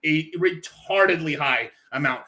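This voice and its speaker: A man's voice: fairly high pitch, unhurried, bright, forceful tone. A man hosting a stream, reacting to a clip in loose, rambling commentary, laughing often and swearing a lot. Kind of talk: casual profane reaction commentary.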